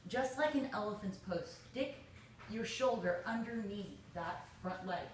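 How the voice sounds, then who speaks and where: A woman leads a yoga tutorial in an encouraging, step-by-step way. She sits back from the mic, so her voice comes across a bit distant. The room adds a clear echo around it. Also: mid-range voice, animated, unhurried, a little hiss or hum. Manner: encouraging, talks the viewer step by step through a pose. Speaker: yoga instructor.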